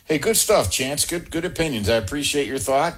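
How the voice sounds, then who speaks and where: Husky-voiced sports radio host. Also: male voice, fairly high pitch, lively intonation, a bit bright. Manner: quick, chatty, rushes callers along. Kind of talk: call-in sports talk.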